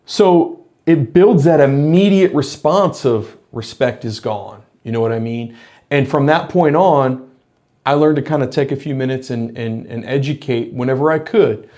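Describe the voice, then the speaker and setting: A man's voice: medium pitch, measured pace, warm tone. A middle-aged man, a former police officer, talking earnestly in a reflective monologue to camera, explaining his points with frequent restarts.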